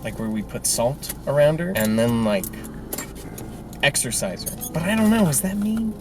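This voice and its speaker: A man hosting and acting in a comedy sketch, talking in an excitable, jokey way with lively jumps in pitch, in a parked car at night. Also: moderate pace, music in the background. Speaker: host.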